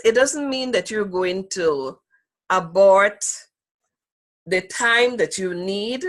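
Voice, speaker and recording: A woman lecturing to a class over a video call. She speaks at an unhurried, measured pace and leans on key words to stress them, and her pitch sits in a middle range. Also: fairly bright tone. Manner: slow, deliberate, emphasizing key words. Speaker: instructor.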